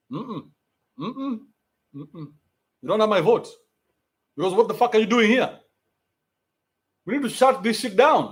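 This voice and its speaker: A man with a Kenyan accent hosting a podcast, ranting in a mocking, animated way and swearing freely. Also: high-pitched. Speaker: podcast host. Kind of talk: ranting commentary.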